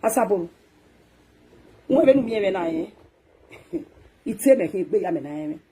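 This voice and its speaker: Here a woman with a Nigerian accent, host of a social media talk show, rants and scolds, her delivery veering between loud bursts and low mutters. Her voice is husky and medium-pitched, with lively intonation at a normal speed.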